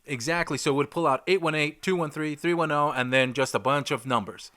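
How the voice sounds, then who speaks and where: Bright-voiced man telling stories. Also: a little high, brisk. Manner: animated storyteller, acts out phone calls. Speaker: host. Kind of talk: casual interview chat.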